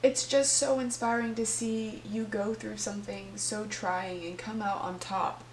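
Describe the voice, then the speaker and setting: A woman with a steady, mid-range voice reads tarot cards, earnestly speaking straight to her viewers without rushing. A faint hum and room echo sit under the recording.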